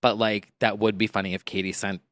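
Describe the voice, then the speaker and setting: Male podcast co-host, casual and quick to laugh, dry sound. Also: fairly low pitch, flat delivery, fairly bright tone, dry recording. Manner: playful, quick to laugh, chatty. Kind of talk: casual chat.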